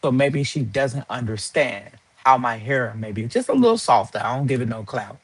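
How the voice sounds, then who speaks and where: A man's voice: mid-range voice, steady tone, normal speed, fairly bright tone, slightly rough, dry recording. A man hosting a live stream, ranting in a heated, profane and sarcastic way. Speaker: livestream host.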